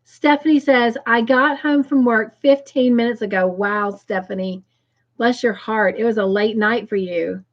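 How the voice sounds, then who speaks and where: A woman hosts a cozy livestream, reading viewer comments aloud at an unhurried pace. Her greetings gush, and excitement breaks through in sudden high squeals. The stream audio comes through slightly muffled and lo-fi. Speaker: livestream host.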